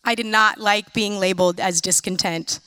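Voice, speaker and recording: A woman in her thirties from the United States giving a sermon-style talk, telling lively, self-mocking personal stories with quick asides. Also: mid-range voice, clean tone, no echo. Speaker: speaker.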